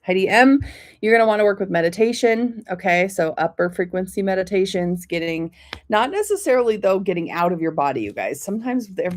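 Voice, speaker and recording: Gentle encouraging woman reading oracle cards. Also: fairly low pitch. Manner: gentle, encouraging, addresses viewers by name with frequent "okay?". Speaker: oracle card reader, host of a weekly live stream. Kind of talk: live-stream card readings.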